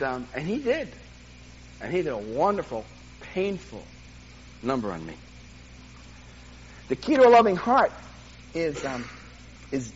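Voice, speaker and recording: Lively older male preacher, muffled recording. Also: a little high, slight background noise. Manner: animated, self-deprecating storytelling with laughs. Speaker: pastor. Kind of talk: sermon.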